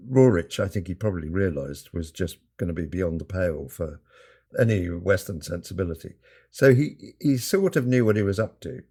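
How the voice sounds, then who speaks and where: A man speaking as a podcast guest, telling a story in a lively, conversational way. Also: low-pitched, slightly rough. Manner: animated, acts out quoted lines with mock indignation.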